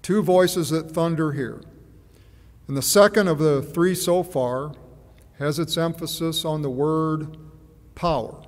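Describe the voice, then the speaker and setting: A man preaching a sermon in a measured, musing way, often hesitating and repeating himself. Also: a little high. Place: church. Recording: long church reverb.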